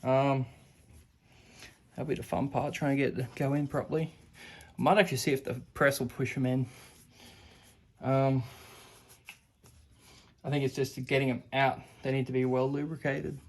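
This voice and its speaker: A man's voice: mid-range voice, level tone, normal speed, long pauses. A man giving casual commentary while working on a car part in his workshop, chatting as he goes. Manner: talks while working, chatty, self-deprecating. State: out of breath. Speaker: home mechanic.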